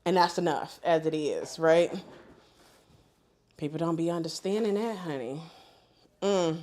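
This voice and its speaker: A middle-aged woman with a somewhat low voice hosts a live sewing stream. She chats casually while she works, telling animated, colloquial stories and often breaking into laughter. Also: a little slow.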